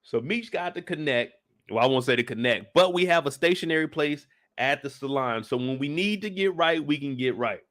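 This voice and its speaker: A man's voice: on the high side, brisk, no echo. A young man, joking his way through a show recap and acting out the characters, with a lot of profanity. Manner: animated, acts out characters, profane. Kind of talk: comedic episode breakdown.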